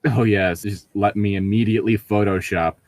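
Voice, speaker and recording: A man's voice: lowish voice, steady tone, moderate pace, darkish tone, no room sound. A man chatting loosely and laughing often as he co-hosts a casual podcast, reading a book aloud with friends.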